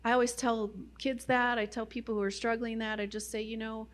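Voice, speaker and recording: A woman's voice: on the high side, flat delivery, a little fast. A middle-aged woman giving a personal testimony talk to a Christian audience, telling her story in a loose, conversational way with many "you know" fillers. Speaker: guest speaker at a Christian ministry.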